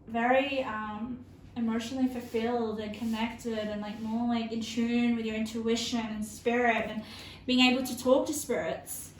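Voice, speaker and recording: A woman reading tarot cards for her viewers in a fairly high voice, earnest and openly emotional. She talks haltingly, full of fillers and restarts. The sound is roomy, with a faint hiss behind her. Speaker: tarot reader.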